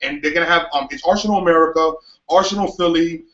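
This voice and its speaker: A man's voice: fairly high pitch, quick pace, a bit bright, echoey room, muffled recording. A man chatting casually, rambling with lots of fillers and restarts. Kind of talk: casual chat. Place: outdoors in New York City.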